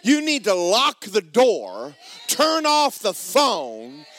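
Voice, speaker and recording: A man preaching a sermon, joking with the congregation and breaking into loud shouts. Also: high voice, wildly swooping pitch, slow pace. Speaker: pastor.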